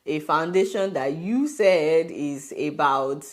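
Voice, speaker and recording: A woman with a Nigerian accent giving an animated, mocking commentary on a video, often exclaiming in disbelief. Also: deep voice, slow.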